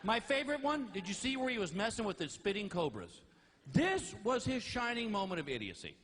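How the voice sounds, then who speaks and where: Male stand-up comic, very high voice, wildly lively delivery, shouted rants. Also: fairly quick, a little hiss or hum. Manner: animated storytelling with shouted outbursts. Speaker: stand-up comedian. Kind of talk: stand-up comedy. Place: stage before a live audience.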